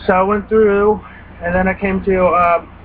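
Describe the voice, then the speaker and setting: Animated young man, tinny recording. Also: high voice, moderate pace. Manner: profane, animated retelling with quoted reactions. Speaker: gaming vlogger. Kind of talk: casual rambling story. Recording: tinny phone-like recording with faint hiss.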